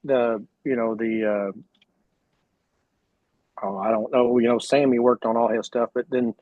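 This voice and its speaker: A man's voice: medium pitch, steady tone, a little slow, no room sound. Male guest, Oklahoma drawl, rambling and chatty; dry, muffled recording. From Oklahoma, USA. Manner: rambling, full of "you know" and restarts. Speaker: guest, sprint car driver. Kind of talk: casual podcast chat.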